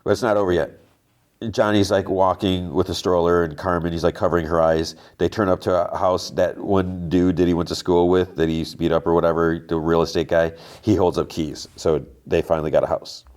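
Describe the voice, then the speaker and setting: A man with a very low voice talks through a TV episode in a loose, conversational recap. He rambles along and keeps quoting the characters with "he's like" and "she's like" as he goes. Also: flat delivery, a little fast, darkish tone. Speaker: podcast host.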